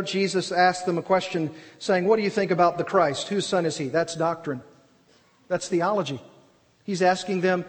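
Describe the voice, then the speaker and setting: A man's voice: high-pitched, a bit bright, big-room sound. A man preaching an expository sermon, earnest and emphatic, asking and answering his own questions. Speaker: pastor.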